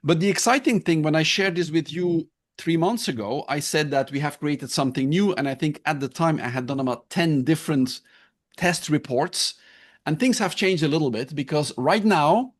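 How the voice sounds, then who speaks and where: A man's voice: fairly high pitch, moderate pace. A man hosting a video-call webinar, explaining a new assessment tool in a loose, explanatory way and checking in with his listeners. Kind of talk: online presentation.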